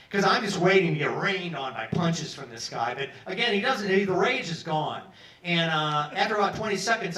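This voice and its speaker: A man's voice: fairly high pitch, pushed and bright. A man in his sixties telling a casual, profane story live in a pub. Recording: roomy pub from far off.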